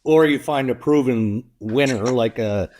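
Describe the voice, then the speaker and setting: A man hosts a hockey podcast and moves the segments along briskly. His voice is mid-pitched and his manner is casual and chatty. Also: a little mellow. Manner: brisk segment-leading host. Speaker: podcast co-host. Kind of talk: casual sports chat.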